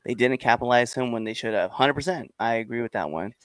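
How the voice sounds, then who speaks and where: Animated casual podcast guy. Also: medium pitch, fast talker, no room sound. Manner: animated, rambling, says "bro" and "hundred percent". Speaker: podcast host. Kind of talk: casual wrestling podcast chat.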